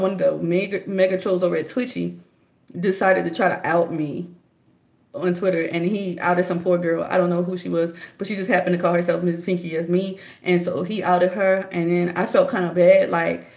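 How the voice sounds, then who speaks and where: Young adult woman, vlogger, casual and animated, gravelly fry in the voice. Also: brisk, reverberant. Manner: chatty, animated storytelling, jumps high to act out her own quotes. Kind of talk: casual opinion monologue.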